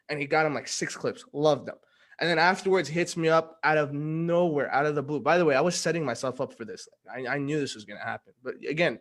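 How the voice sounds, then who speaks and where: A young man telling a story in casual conversation, slangy and animated, acting out what people said. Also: a little high. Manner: slangy, animated, acts out quoted dialogue. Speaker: guest giving a testimonial.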